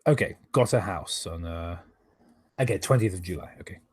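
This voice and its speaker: A man's voice: low-pitched, moderate pace, darkish tone, slightly rough, dry recording. A man reading aloud and commenting on a live stream, exasperated, sarcastic and swearing often, who stops now and then to thank viewers for donations.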